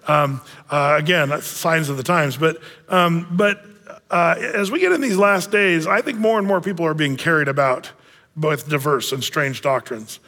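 A man's voice: on the high side, moderate pace, sharp tone, big-room sound. A male pastor delivering a conversational sermon, speaking with frequent fillers and restarts.

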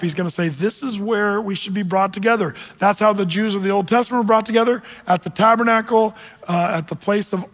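A male pastor preaching a sermon in an animated way, acting out quoted voices as he explains scripture. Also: high voice, big-room sound.

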